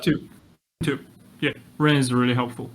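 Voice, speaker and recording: A man as a podcast guest, speaking low-key and quietly giving recommendations. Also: little pitch movement, moderate pace, slight background noise. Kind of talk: casual podcast chat.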